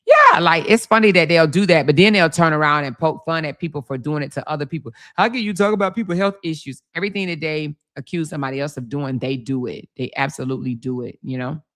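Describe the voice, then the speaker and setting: A woman talks loosely to her livestream audience, bright and clear in tone. She is sassy and chatty, laughing often and calling everyone baby and y'all. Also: deep voice, animated, fast, hardly any pauses. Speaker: livestream host. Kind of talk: casual live chat, reading comments.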